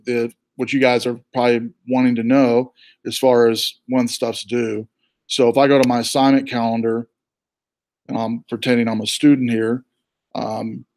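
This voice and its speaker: A man with a Southern US accent walks his students through an online lab as he clicks along. His voice sits at a middle pitch, and his delivery is loose and chatty, with plenty of side remarks. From born in New York, raised in the US South. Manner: relaxed and chatty, with fillers and asides. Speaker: college instructor. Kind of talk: casual screen-share walkthrough.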